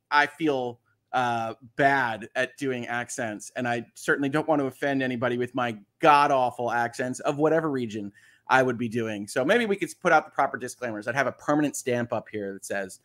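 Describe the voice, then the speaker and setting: A man's voice: mid-range voice, a bit bright. Guy rambling on his livestream, lots of ums and restarts, answering chat. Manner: chatty, thinks aloud with fillers and restarts; reads viewer comments aloud. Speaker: livestream host.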